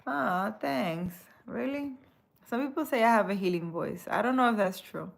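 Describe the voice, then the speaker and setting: A woman spiritual reader chatting casually on a live stream, soft-spoken and hesitant as she answers comments. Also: mid-range voice, moderate pace, creaky.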